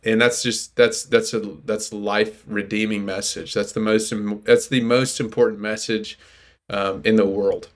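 Young dude on a podcast, low voice, trails off and restarts a lot. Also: male voice, flat delivery, a little slow. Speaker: podcast co-host. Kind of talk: casual chat.

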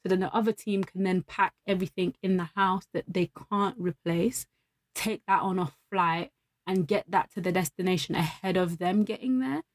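A woman's voice: fairly low pitch, moderate pace. Chatty woman telling stories. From London. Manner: chatty, storytelling, laughs often. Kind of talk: casual chat.

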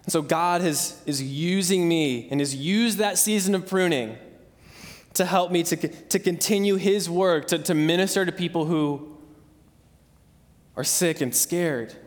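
Young man, sermon, earnest conversational tone, slightly high voice, long hall reverb. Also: a little slow. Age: 20s. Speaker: pastor.

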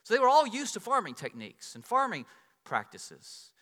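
Animated high-voiced male preacher in a hall. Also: moderate pace. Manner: animated storytelling, swings between loud and soft. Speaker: pastor. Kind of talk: sermon.

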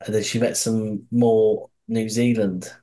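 A man's voice: on the low side, little pitch movement, a little slow, mellow. A man co-hosting a podcast, rambling casually about a TV series, with frequent restarts and swearing. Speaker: podcast co-host.

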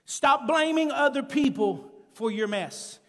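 A male preacher delivering an emphatic sermon, calling out to the congregation and building up to shouted peaks. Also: very high-pitched, lively intonation, measured pace. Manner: calls to the congregation. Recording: long church-hall reverb.

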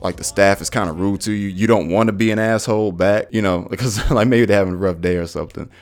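Animated, profane low-voiced male podcaster. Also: quick pace, faint music behind. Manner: animated, profane, slangy storyteller. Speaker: podcast host. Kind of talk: casual storytelling monologue.

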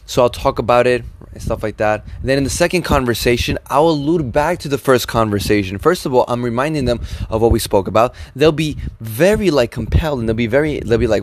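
A man co-hosting a podcast, giving social advice in a casual, animated and rambling way. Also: medium pitch, fast, hardly any pauses, slight background noise. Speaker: podcast co-host.

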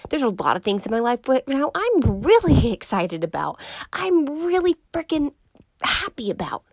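A young woman from Georgia giving an earnest, reflective personal monologue, often dropping into soft whispers for emphasis. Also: sits high, sing-song, normal speed, no room sound.

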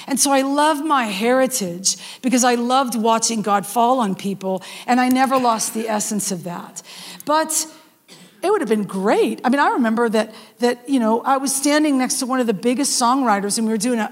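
A middle-aged woman preaching a sermon in an animated storytelling manner, with frequent restarts and asides. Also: fairly high pitch. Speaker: worship leader preaching. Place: church hall. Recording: long hall reverb.

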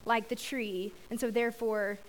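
A woman's voice: fairly high pitch, steady tone, moderate pace, rough recording. Chatty young woman giving a youth sermon. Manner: casual, chatty, laughs at her own slips. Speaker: youth speaker. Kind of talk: youth sermon with prayer and scripture reading.

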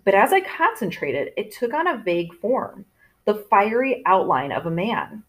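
A woman narrating a story with animated, swooping intonation that rises and falls through every sentence. Her voice sits at an ordinary middle pitch, and her delivery is expressive, as if she is voicing characters in turn. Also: moderate pace. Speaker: audiobook narrator.

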